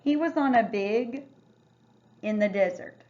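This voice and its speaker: A woman teacher walks young readers through a phonics lesson. She speaks at an unhurried pace and sounds out each word piece by piece. The recording is a little dull and lo-fi. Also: on the high side, a little mellow. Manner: slow, careful word-by-word sounding out.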